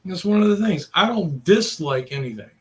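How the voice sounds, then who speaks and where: A man's voice: high voice, expressive, moderate pace. A middle-aged man, ranting casually in a crude, profane, rambling way. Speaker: vlogger.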